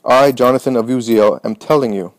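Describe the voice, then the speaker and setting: A man's voice: mid-range voice, fairly quick, no echo, close to an everyday voice. A man voicing a self-righteous male scribe who lectures in a pompous tone. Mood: stern.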